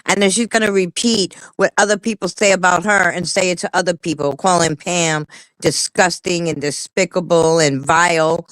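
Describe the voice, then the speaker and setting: A woman's voice: lowish voice, steady tone, moderate pace, a bit bright, no echo, poor audio. A woman co-hosting a livestream in casual chat, talking bluntly and heatedly with a lot of cursing. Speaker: livestream co-host.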